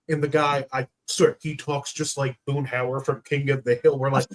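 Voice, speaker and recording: A man with a northern US accent, a guest telling animated anecdotes in a casual panel chat. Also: mid-range voice, moderate pace, few pauses, low-quality recording.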